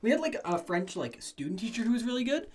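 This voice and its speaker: A young man co-hosting a podcast, chatting casually and telling relaxed stories. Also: high-pitched, fast talker. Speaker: podcast co-host. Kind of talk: casual chat.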